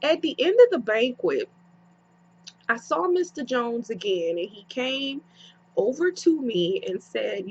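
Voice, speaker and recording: Slow-talking young woman telling a story. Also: a little high, breathy edge. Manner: animated, acts out both sides with slangy asides. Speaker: vlogger. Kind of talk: casual storytime. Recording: dull lo-fi home recording.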